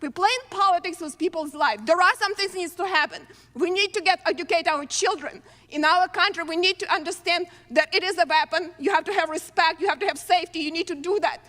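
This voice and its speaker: An immigrant woman with a foreign accent giving an earnest, halting floor speech in a legislative chamber. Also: very high voice, pushed and bright. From abroad. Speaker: congresswoman. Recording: long reverb of a large chamber.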